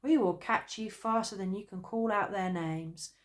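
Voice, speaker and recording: A woman's voice: medium pitch, moderate pace, lightly acted. A woman voicing a mocking swarm of bees in a children's storybook reading, taunting.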